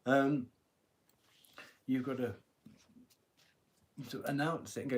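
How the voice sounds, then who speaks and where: Chatty tarot reader, average-pitched man, joking and casual on a phone live stream. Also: fairly even intonation, slow. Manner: chatty, joking, laughs often, swears.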